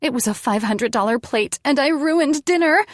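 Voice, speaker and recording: A woman's voice: sits high, animated, moderate pace, no echo, voice pushed up. A woman narrator voicing a young woman in a panic, shrieking and whiny, close to tears. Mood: panicked.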